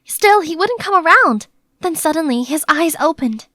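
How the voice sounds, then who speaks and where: Young woman, animated story narrator, first person, very high and bright, dry close sound. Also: normal speed, no echo. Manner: lively, chatty.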